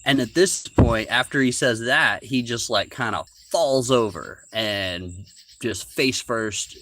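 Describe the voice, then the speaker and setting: A man's voice: mid-range voice, slow, background noise. A man casually telling a long story from his own life on a podcast, rambling with fillers and restarts. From rural United States.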